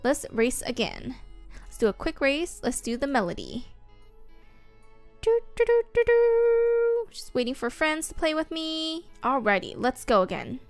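A woman hosting a gaming video, giving excitable, casual commentary while she plays, with frequent squeals and whoops. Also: sits high, normal speed. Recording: faint game music behind.

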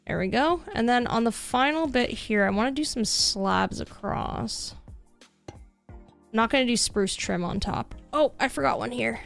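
A woman's voice: fairly high pitch, measured pace, creaky. A young woman with a Canadian accent, chatting casually to her viewers while she plays, rambling with lots of fillers. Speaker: streamer. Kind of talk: casual live-stream chat while gaming. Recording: faint music behind the voice.

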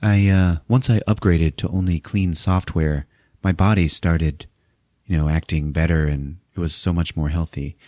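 A man's voice: low voice, steady tone, moderate pace, dark tone, dry recording, clean studio sound, close to an everyday voice. Man doing a vague health-nut racer. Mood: earnest. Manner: vague, hesitant. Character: soft-spoken male health-nut race driver.

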